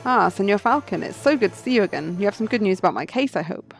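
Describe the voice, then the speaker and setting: A woman's voice: mid-range voice, a little fast, faint music behind, lightly acted. A woman voicing a suave male fox fugitive who speaks in a poised, riddling storyteller manner. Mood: cryptic.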